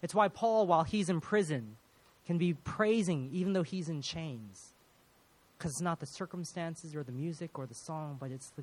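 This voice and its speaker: A man's voice: on the high side, moderate pace, a little hiss or hum. A man preaching a sermon as pastor, earnest and prayerful, often repeating words as he speaks.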